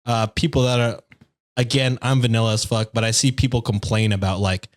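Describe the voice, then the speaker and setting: A man's voice: medium pitch, brisk. A man co-hosting a podcast, joking casually and laughing as he talks. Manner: joking, animated, laughs mid-sentence. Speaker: podcast co-host. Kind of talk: casual chat.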